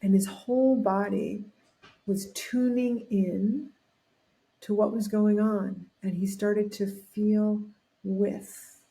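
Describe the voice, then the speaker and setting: A woman talks as a guest on a podcast, her voice mellow and warm. She tells a personal story with animation, drops into the voices of the people in it, and restarts phrases as she thinks. Her pitch sits in the middle range. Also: slow pace, creaky. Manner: animated storyteller acting out quotes, frequent restarts.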